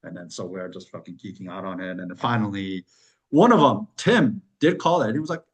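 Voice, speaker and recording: Animated man telling a rambling story. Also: fairly quick, rough recording. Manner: animated, swears, acts out quoted voices with big pitch jumps. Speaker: wine club host. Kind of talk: casual storytelling.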